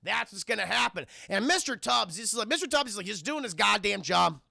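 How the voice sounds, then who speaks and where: Streamer guy, high gravelly voice, bright tone, profane and rambling, talks to chat. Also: expressive, brisk, dry recording, studio quality. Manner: rambling, profane, laughs often, addresses chat. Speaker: film review streamer. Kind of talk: casual profane film recap to live chat.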